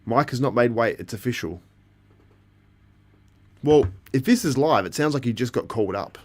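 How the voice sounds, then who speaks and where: A man with a medium-pitched, slightly mellow voice speaks expressively at a normal speed. He's hosting a casual live stream, chatting with viewers, reacting to the live feed and chat as things happen, and laughing often.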